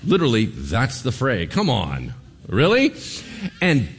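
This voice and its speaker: A man preaching a sermon as pastor, animated, acting out the voices of figures in the story. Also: medium pitch, a little slow, breathy edge.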